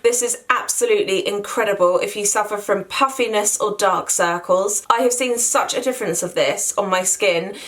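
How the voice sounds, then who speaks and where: A woman talks through her favourite products in a chatty beauty-vlog review. She sounds eager and keeps stacking up "really". Her voice sits at an ordinary middle pitch. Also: moderate pace, hardly any pauses, a bit bright. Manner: enthusiastic, chatty, repeats "really". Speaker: beauty vlogger.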